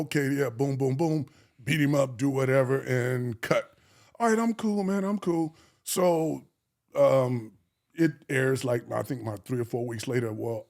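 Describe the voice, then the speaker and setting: A man's voice: medium pitch, moderate pace, creaky. A middle-aged man, an actor, telling casual stories and acting out the voices of the people in them. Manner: animated, acts out voices in his stories. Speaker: actor guest. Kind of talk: casual storytelling.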